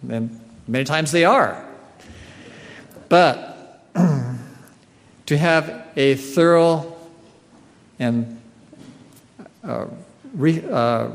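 A man giving a sermon in a slow, earnest way, often clearing his throat. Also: a little high. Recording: long hall reverb.

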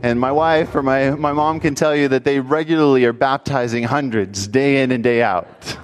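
A pastor giving a sermon, telling a story with animation and rising into emphatic calls to the congregation. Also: male voice, mid-range voice, steady tone, normal speed, clear, resonant tone, in a large hall.

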